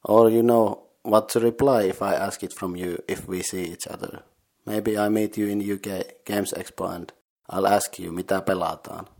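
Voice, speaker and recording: A man hosting a podcast, teaching game words slowly, syllable by syllable, while sitting in an unheated sauna. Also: fairly low pitch, steady tone, a little mellow. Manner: slow, careful syllable-by-syllable pronunciation. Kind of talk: casual language lesson.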